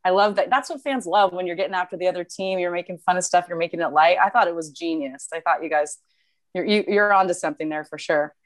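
A woman's voice: on the low side, quick pace, no room sound. A woman sports reporter as a guest in a casual interview, enthusiastic and full of praise.

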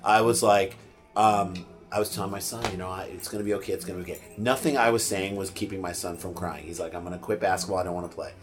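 Low-voiced middle-aged man telling a story. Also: fast, over music. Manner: animated, swears freely, acts out quotes. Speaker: podcast guest. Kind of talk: casual storytelling.

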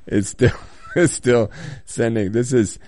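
A man's voice: mid-range voice, steady tone, slow pace, a little mellow, no echo, clean studio sound. A man hosting a casual solo talk show from a hotel room, reading listener comments with a slight cold, rambling with lots of ums and little chuckles.

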